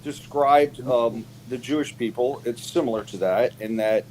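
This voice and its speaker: A man on a casual live panel chat, telling stories with lots of fillers and sharp jumps in pitch when he quotes people. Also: moderate pace, slight background noise, poor audio. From United States. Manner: animated storyteller, many fillers, pitch jumps when quoting.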